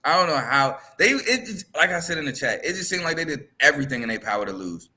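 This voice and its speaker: A man with a slightly high, bright, forceful voice breaks down a basketball game on a podcast. He hammers his points with rhetorical questions, talking casually but with plenty of emphasis. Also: big pitch swings, fast talker. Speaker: podcast co-host. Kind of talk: casual sports chat.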